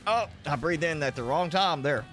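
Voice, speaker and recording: A gaming streamer with a slightly high, animated voice rambles at normal speed, sounding a bit bright over faint background music. He's chatting loosely on a live stream while eating spicy food and coughing occasionally.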